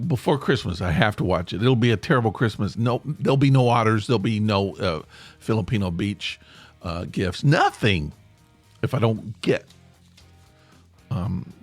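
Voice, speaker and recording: A man's voice: on the low side, no echo. A man in his sixties hosting a podcast, rambling through a casual monologue with self-mocking jokes. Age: 60s. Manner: self-mocking, jokey, meandering. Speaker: podcast host.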